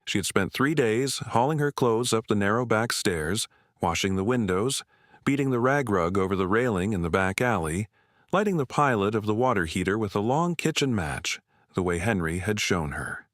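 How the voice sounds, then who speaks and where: A man reading a scripted story in a slow, measured way. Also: on the low side, lively intonation, fairly bright tone, no room sound, studio quality.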